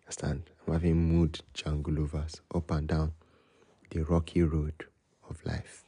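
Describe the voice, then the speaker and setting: A young man with a Nigerian accent hosts his own podcast alone in the small hours. His voice sits very low, with a husky, mellow tone. He rambles and freestyles, sliding between Pidgin and English, and the sound is close and dry. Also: completely flat delivery, unhurried, no echo. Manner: talking low late at night. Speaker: podcast host. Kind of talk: rambling solo podcast chat.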